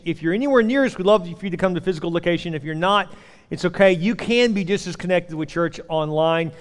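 Pastor guy preaching, kinda high voice, big echoey church hall, acts out voices in his stories. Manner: animated storytelling, acts out voices. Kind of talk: sermon. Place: church auditorium. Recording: long hall reverb.

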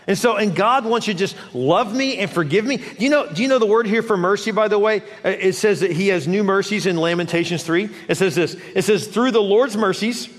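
A man preaching a sermon as pastor, animated, acting out quoted voices of God and the congregation. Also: high voice, a little fast, hardly any pauses. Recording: long hall reverb.

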